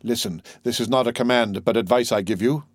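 A man's voice: medium pitch, no room sound, studio quality, natural voice. A man voicing a stern, formal magistrate. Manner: measured, stiff, formal. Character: anxious stern male magistrate. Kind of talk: audiobook character voice.

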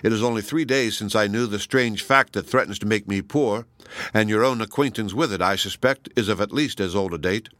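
A man reading the part of a proud, passionate woman, measured and ironic. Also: lowish voice, a bit bright, dry recording, lightly acted. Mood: probing. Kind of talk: audiobook reading.

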